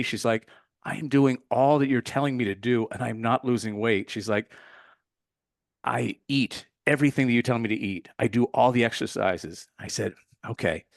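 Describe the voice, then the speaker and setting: A man's voice: fairly low pitch, no echo, studio quality. A man, a meditation teacher, answering as a podcast guest in an earnest, heartfelt way, with fillers and restarts. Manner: earnest, heartfelt, with filler words and self-corrections. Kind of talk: casual storytelling in an interview.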